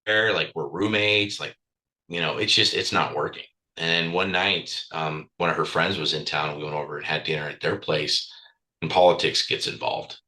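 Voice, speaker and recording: A man's voice: a bass voice, fairly even intonation, moderate pace, sharp tone, poor audio. A man speaking as a podcast guest, telling a candid personal story bluntly, swearing freely and with raw emotion.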